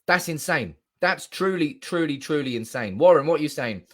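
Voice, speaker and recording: A young man hosting a live stream, animated and swearing freely while reading out comments from the chat. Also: a little high, normal speed, few pauses.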